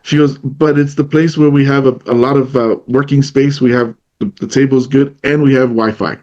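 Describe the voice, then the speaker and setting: A man's voice: mid-range voice, steady tone, normal speed, a little mellow. Man telling stories, dull lo-fi sound. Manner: storytelling, retells what others said in their voice. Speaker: podcast co-host. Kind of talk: casual conversation.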